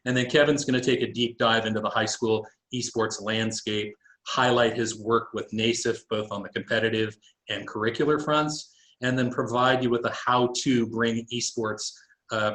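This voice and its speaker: A man's voice: mid-range voice, fairly bright tone. A man presenting a webinar, speaking earnestly with some fillers over a video call. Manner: earnest, thankful, measured with fillers. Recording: roomy video call audio.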